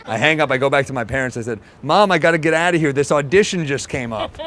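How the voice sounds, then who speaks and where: A stand-up comedian with a somewhat high, slightly bright voice tells a story on stage before a live audience. He throws in quick asides and acts out the voices of the people in it, with crowd noise in the recording.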